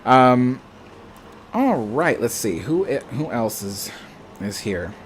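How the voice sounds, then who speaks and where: A man's voice: medium pitch, big pitch swings, slow pace, a little hiss or hum. An American man hosting a livestream, chatting casually and answering viewer comments in a rambling, self-correcting way. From United States. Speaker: livestream host.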